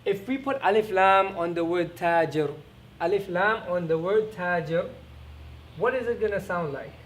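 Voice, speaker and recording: High-voiced man teaching Arabic sounds. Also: slight background noise. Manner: repeats each word slowly and asks quick rhetorical questions. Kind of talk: recorded classroom lesson.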